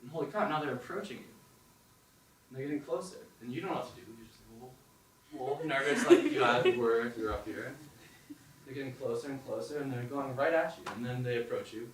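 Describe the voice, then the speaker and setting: A man's voice: mid-range voice, fast, a little hiss or hum. A young man performing a story at an open mic, narrating in the second person and acting out his own inner voices. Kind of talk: spoken storytelling on stage. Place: performance hall with audience. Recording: echoey hall, distant mic, faint ambience.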